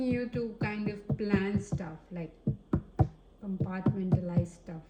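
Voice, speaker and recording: Indian-accented woman tarot reader, slow and hesitant, mellow tone, roomy recording. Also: mid-range voice, a little hiss or hum. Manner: hesitant, searching for words with many fillers. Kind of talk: casual tarot reading to camera. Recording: roomy echo.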